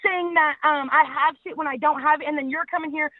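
A high-voiced woman argues furiously over the phone, defiant and sarcastic, cursing freely. Her voice comes through a tinny, completely dry phone line. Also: fairly even intonation, fairly quick, no echo. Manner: angry, defiant, sarcastic, profane. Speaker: prank call target. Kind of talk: heated phone argument.

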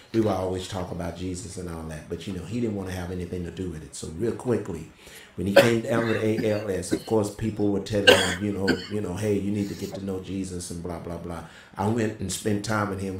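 A middle-aged man telling a personal testimony in a casual, animated way, as a co-host. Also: slight background noise. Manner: animated storyteller, voice jumps high when quoting. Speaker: prophet and co-host. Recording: roomy echo.

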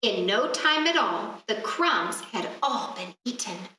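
A woman reading a fairy tale aloud at a library storytime, expressive and asking the children questions along the way, heard from a distance in an echoey room. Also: mid-range voice, slow, background noise.

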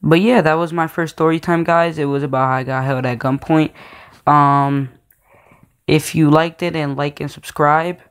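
A man's voice: on the high side, steady tone, moderate pace, fairly bright tone, clear, resonant tone. A man telling a personal story in a casual, slangy, rambling way, with many fillers and restarts. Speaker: storytime vlogger.

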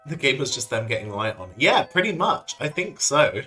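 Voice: mid-range voice, big pitch swings, pushed and bright, rough recording. A streamer giving playful, laughing commentary while playing a video game. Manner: playful, laughing, quick asides. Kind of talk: casual let's-play commentary. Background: game music.

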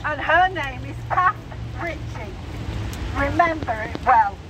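Campaigner woman in her 60s, high voice, earnest and emotional, reading to a rally crowd over outdoor noise. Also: expressive, slow pace. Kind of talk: public speech, reading statements aloud. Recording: noisy outdoor recording.

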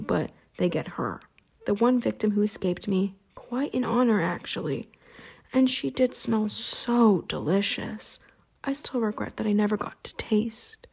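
A woman reading an audiobook, voicing a cruel male vampire hunter who speaks in a soft, pleasant, taunting way. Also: mid-range voice, vocal fry, breathy edge, exaggerated voice.

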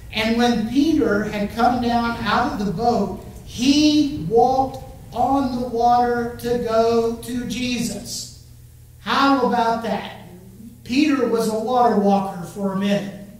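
Guy preaching slow and expressive, lots of church echo, kinda far from the mic. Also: very high voice. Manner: expressive, talks straight to the congregation and urges them to join in. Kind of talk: sermon. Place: church sanctuary. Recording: very echoey church, voice from far off the mic, faint hum.

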